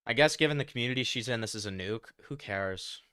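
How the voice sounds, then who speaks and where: A tired man casually commenting on a video during a stream, in a dry, dismissive, low-key way. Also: quick pace, fairly bright tone, clear, resonant tone, no echo.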